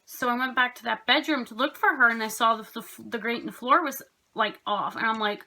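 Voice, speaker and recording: A woman's voice: a little high, fairly quick, pushed and bright. A young woman vlogging casually at home, telling rambling stories about her pets with lots of fillers. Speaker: craft vlogger. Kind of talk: casual chatty storytelling.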